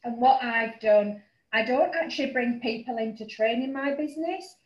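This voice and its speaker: Casting: middle-aged Yorkshire woman, chatty broker, roomy dull call audio. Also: a little high. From northern England. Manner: chatty, frequent um fillers, quick asides. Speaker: finance broker. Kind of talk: casual webinar presentation. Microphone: video call.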